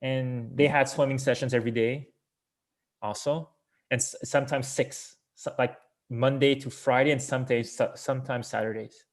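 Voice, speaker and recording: A man's voice: medium pitch, steady tone, moderate pace. A man from Canada, a guest swimmer telling stories in a rambling, filler-heavy way with chuckles over a video call. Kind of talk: casual conversation.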